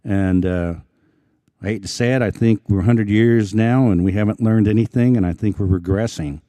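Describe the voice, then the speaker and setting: An Osage man from Oklahoma, a film actor speaking as an event guest, telling stories in a halting, earnest way with many restarts. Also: on the low side, warm tone, no room sound. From Osage Nation, Oklahoma. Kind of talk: casual storytelling talk. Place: public evening event.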